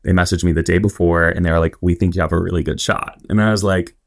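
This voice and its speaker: A man's voice: low voice, fairly even intonation, quick pace, vocal fry, no room sound, studio quality. A man in his twenties from Indiana, a podcast guest telling stories in a chatty, rambling way with lots of fillers. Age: 20s. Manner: chatty, rambling with many fillers and quoted asides. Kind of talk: casual interview storytelling.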